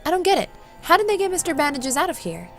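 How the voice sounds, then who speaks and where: A woman's voice: very high-pitched, very animated, fast talker, pitched above the performer's own voice, full character voice. A woman voicing a young heroine who is nervous but curious, read in a plain, slightly anxious manner. It sounds like a horror visual novel with faint music underneath. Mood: uneasy. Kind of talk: reading a visual novel aloud.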